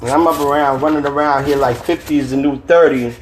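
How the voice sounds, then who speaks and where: A man's voice: on the high side, steady tone, a little fast, a little hiss or hum. A man, an author, reading from his novel on a phone livestream and chatting casually with viewers in slangy talk. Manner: casual, slangy, chuckling often.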